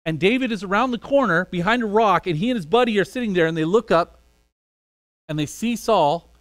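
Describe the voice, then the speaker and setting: A man's voice: high voice, expressive, brisk, dry recording. A man preaching a sermon in a conversational way, acting out small quoted exchanges as he goes. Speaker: pastor.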